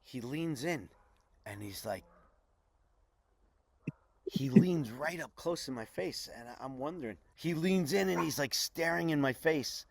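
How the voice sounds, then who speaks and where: A middle-aged man, telling a lively anecdote as an interview guest and acting out the other people's lines. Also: on the high side, measured pace, gravelly, long pauses, no room sound. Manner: animated anecdote with quoted voices. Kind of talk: casual storytelling.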